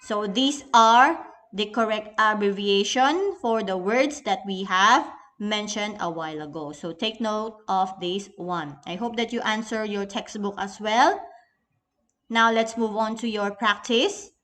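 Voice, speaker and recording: A woman's voice: medium pitch, measured pace, a bit bright. A young woman with a Filipino accent teaching an English lesson in a recorded class, patient and instructive, often addressing the class as everyone.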